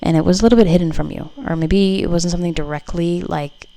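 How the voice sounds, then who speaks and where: A woman's voice: lowish voice, steady tone, fast talker, gravelly, mellow, low-quality recording. A woman doing a casual tarot reading for her viewers, chatty and loose, full of fillers and the odd swear word. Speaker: tarot reader.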